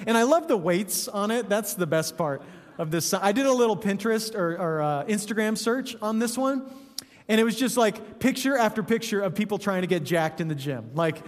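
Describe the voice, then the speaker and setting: A man's voice: high-pitched, normal speed, in a large hall. A man, a pastor, preaching a sermon in a conversational, joking way, often asking "right?".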